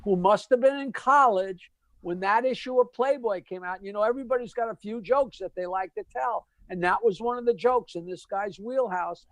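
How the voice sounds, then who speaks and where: High-voiced, punchy comedian man. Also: no echo. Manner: rapid, punchy storyteller, laughs at his own punchlines. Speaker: comedian guest. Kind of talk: casual joke-telling chat.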